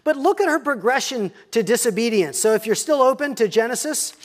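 A pastor preaching a sermon, teaching in a measured tone and reading scripture aloud. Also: mid-range voice, lively intonation.

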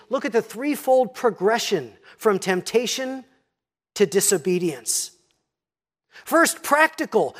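A pastor preaching a sermon, teaching in a measured tone and reading scripture aloud. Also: medium pitch, sing-song.

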